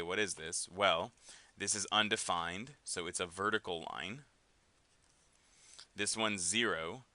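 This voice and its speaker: Casual man teaching math, crisp dry voice. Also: on the low side, pushed and bright, dry recording. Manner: casual, with frequent fillers and tag questions. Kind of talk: recorded classroom lesson.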